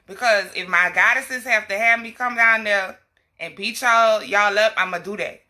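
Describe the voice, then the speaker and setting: Her voice is medium-pitched, bright, and forceful, moving at normal speed as this young health advocate vlogger talks on a casual livestream. She delivers a passionate, emphatic message about women's self-worth, breaking off now and then to scold her little girl.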